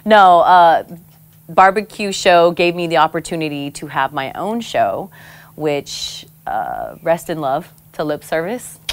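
A woman from American Samoa, a guest in an interview, telling personal stories in a frank, expressive way and laughing often. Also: deep voice, a little slow. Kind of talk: candid conversational storytelling.

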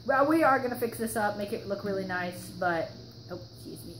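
A woman's voice: mid-range voice, lively intonation, a little fast, noisy background. A young woman hosting casual gameplay commentary, chatty and rambling with lots of fillers, her throat a little sore. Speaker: gaming channel host. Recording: roomy echo with background music.

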